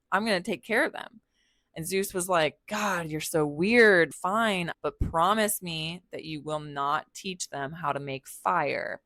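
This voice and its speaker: A woman's voice: sits low, fairly bright tone, dry recording. A young woman hosting a podcast, retelling a myth in a casual, slangy, irreverent way and swearing freely as she acts out the characters' lines. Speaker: podcast host. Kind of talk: casual storytelling of myths.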